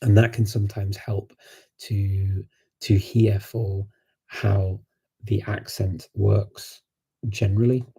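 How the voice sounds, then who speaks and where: A man's voice: on the low side, flat delivery, slow pace, dark tone, breathy edge. A man with a Scouse accent, from Liverpool, chatting casually about learning languages, rambling with many fillers and restarts. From Liverpool, England. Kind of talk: casual livestream Q&A.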